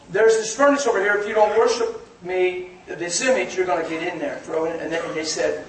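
Folksy male preacher, high voice, laughs and shouts, recorded from afar in a hall. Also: moderate pace, hardly any pauses, slight background noise. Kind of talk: sermon. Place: church hall. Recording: echoey hall from far off.

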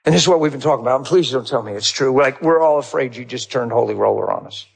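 Husky man telling a sermon story. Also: medium pitch, quick pace. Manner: animated storyteller acting out both sides of a conversation, laughing often. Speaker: pastor.

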